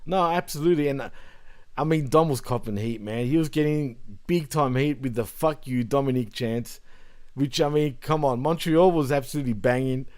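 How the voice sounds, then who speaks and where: A man's voice: mid-range voice, moderate pace, darkish tone. A man hosting a casual wrestling podcast, laughing often, swearing and enthusiastic. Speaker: podcast host.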